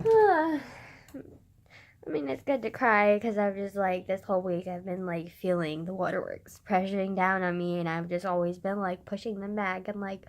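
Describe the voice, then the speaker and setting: A woman's voice: mid-range voice, moderate pace. A young woman vlogging into her phone camera, tearful after crying, laughing through it and swearing casually. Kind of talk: emotional confessional vlog.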